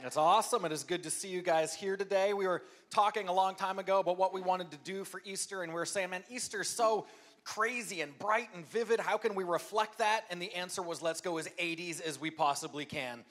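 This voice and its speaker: Pastor guy telling a goofy story, high voice, bright and punchy, pokes fun at himself. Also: a little fast. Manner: upbeat, self-deprecating, animated impressions. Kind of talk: humorous storytelling sermon. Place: church service before a live audience.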